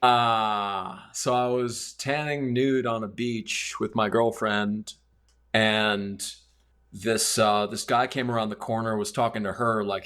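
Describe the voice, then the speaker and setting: A man's voice: on the low side, steady tone, slow, a bit bright, clean tone. A man casually telling a long personal story on a podcast, loose and rambling with plenty of fillers. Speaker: podcast guest.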